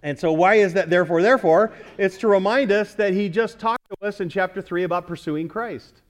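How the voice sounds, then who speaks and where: Guy preaching in a church, pretty high voice, keeps throwing questions at the crowd and hammering words. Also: fairly quick. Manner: asks the congregation questions and repeats key words. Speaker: pastor. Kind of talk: sermon.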